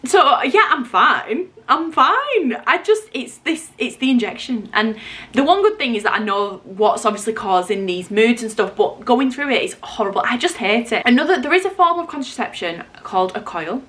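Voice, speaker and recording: A woman's voice: fairly high pitch, expressive, brisk, a bit bright. A young woman from England vlogging at home in the middle of a house move, chatty and confiding, with lots of fillers and self-interruptions. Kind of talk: casual chat to camera.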